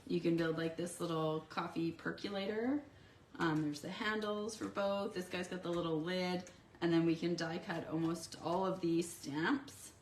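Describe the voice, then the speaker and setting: A woman with a low, stuffy voice, congested from being sick, talks her way through a live craft demo at her home desk. She rambles with lots of ums and little asides. A faint hiss sits under her voice. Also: steady tone, moderate pace. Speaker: papercraft demonstrator.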